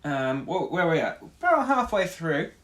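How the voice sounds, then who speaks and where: During a livestream where he builds a track, a male music producer talks casually to himself, mumbling ideas half under his breath. His voice sits on the high side with big pitch swings, a moderate pace, and a fairly bright tone.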